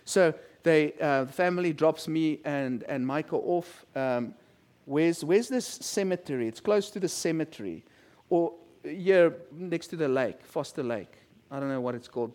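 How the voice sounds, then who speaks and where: A man's voice: fairly high pitch, darkish tone. A middle-aged male pastor giving a sermon in a chatty storytelling way, acting out quotes from people he describes. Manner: conversational storytelling with quoted voices.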